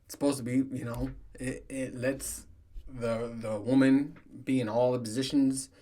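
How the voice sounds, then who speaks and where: A man's voice: mid-range voice, steady tone, normal speed, dark tone. Profane man telling stories, laughing. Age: 30s. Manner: profane, storytelling, laughs often. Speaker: podcast host. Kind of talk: casual solo monologue.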